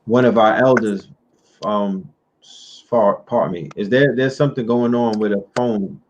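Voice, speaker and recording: A male host with a lowish voice who stretches out his words and leans hard on key phrases, unhurried. The audio is dull and muffled, with a faint hiss underneath. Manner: slow, drawn-out, emphatic delivery. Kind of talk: livestream talk show.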